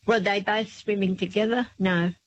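A woman's voice: medium pitch, steady tone, normal speed, no room sound. An Australian woman calling in to a radio show, answering hesitantly in short plain replies. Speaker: caller. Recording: dull, dry phone line.

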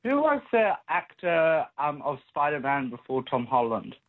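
A man's voice: fairly high pitch, very animated, a little slow. A man calling in to a radio show, polite and wry, heard over a dull phone line. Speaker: caller.

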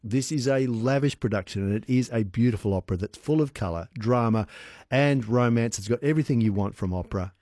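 A man hosting an evening radio show in a studio, joking playfully with quick asides. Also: medium pitch, mellow, dry recording. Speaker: radio host. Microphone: studio microphone.

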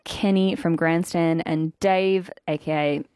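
A woman's voice: deep voice, fairly even intonation, slow pace, a little mellow, a little hiss or hum. A woman, a young radio host, chatting in a teasing and giggly way in a studio. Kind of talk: casual radio chat. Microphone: studio mic.

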